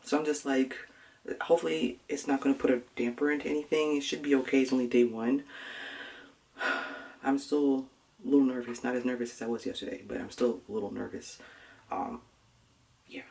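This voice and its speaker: Soft-spoken woman, hesitant vlog talk. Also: extremely low pitch, steady tone, gravelly. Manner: soft, hesitant, full of fillers and pauses. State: nervous, close to tears before surgery. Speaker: vlogger. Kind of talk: casual personal vlog.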